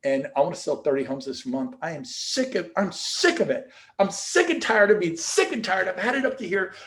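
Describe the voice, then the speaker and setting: A middle-aged man gives an energetic motivational talk, piling up restarts as he tells his stories. His voice sits a little high for a man and has a gravelly edge. He speaks as a guest on a show. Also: fairly quick. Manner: energetic storytelling with repeated restarts.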